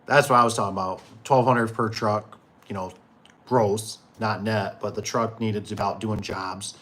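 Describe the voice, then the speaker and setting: A man's voice: fairly low pitch, fairly even intonation, moderate pace, sharp tone. Rambling garage door guy telling stories. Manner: rambling, full of fillers and restarts, acts out quotes. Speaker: garage door business owner. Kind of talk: casual storytelling chat.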